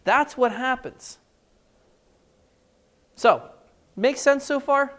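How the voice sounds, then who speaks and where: A man preaching a sermon, telling stories with lively acted-out dialogue. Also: extremely high pitch, very slow. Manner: animated storytelling, acting out scenes in different voices. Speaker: pastor.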